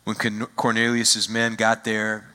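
A man preaching a sermon as a visiting pastor, expressive, acting out quoted lines and slowing down to stress key phrases. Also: lowish voice, big-room sound.

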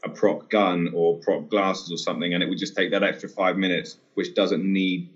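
A man speaking on a podcast in a measured, reflective way and hedging his points. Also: deep voice, flat delivery. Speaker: film co-producer and podcast guest. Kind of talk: casual podcast chat. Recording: dull lo-fi sound.

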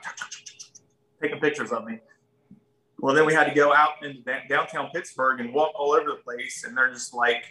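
This is a man, a guest swapping stories on a podcast. His voice is bright and forward. He talks in a folksy, animated way and slips into the voices of the people he describes. The room gives a noticeable echo. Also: medium pitch, recorded from a distance. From Ohio, USA. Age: 30s. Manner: folksy, animated, acts out other people's lines. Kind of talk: casual storytelling.

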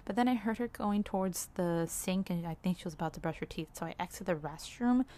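A young woman with a lowish voice talks to camera in a personal vlog. She speaks candidly and rambles a little, dropping soft laughs and lots of "like"s between her thoughts. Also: fairly quick. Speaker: vlogger.

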